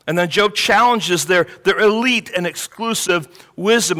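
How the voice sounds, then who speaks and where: A man's voice: high-pitched, pushed and bright. A man preaching a sermon, explaining a scripture text with emphasis when quoting it. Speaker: pastor.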